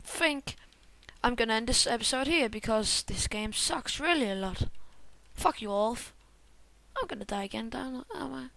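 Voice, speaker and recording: A woman's voice: fairly high pitch, moderate pace, vocal fry, pushed and bright, dry recording. A woman hosting a gaming video, cursing and repeating herself frantically, often dropping to a mutter. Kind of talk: gameplay commentary.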